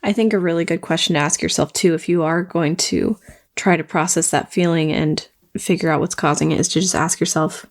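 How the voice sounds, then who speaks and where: Female podcast co-host, low-pitched, calm and thoughtful explainer. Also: brisk. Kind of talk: casual conversation.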